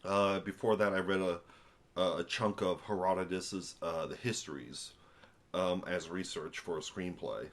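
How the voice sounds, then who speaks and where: A young American man with a deep, low voice talks into a camera on a tripod at home. He sounds worn out after a long day and rambles in a loose, casual way, with many ums and restarts and dry asides. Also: fairly even intonation, moderate pace, a bit bright. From United States. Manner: rambling, full of fillers and restarts, wry asides. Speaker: vlogger reviewing a book. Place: at home indoors.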